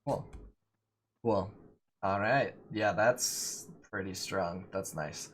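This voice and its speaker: A man running a tabletop game as game master, narrating in a halting way with many fillers and restarts. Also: deep voice, breathy edge.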